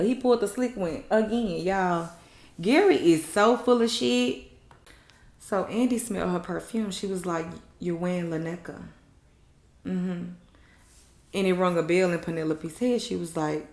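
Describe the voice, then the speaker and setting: A woman recapping a TV episode in a blunt, animated, slangy way. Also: lowish voice. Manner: animated, blunt, slangy storytelling with mocking quotes. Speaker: TV recap host. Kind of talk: casual recap talk. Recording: echoey room.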